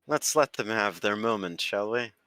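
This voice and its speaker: A man's voice: lowish voice, animated, moderate pace, pushed and bright, no room sound, faint music behind, voice pushed up. A man voicing a courteous, curious male scholar who speaks in formal phrases.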